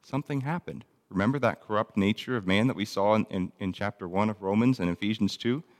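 Man, bible teaching, low pitch, conversational, ums and restarts, long hall reverb. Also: quick pace. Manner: conversational, reads scripture aloud, frequent ums and restarts.

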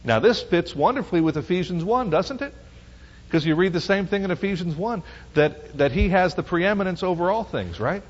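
A man's voice: high-pitched, expressive, a little fast. A middle-aged man teaching a Bible study in a conversational way, often asking listeners if they follow. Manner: conversational, asks listeners rhetorical questions. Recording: muffled lo-fi recording with long hall reverb.

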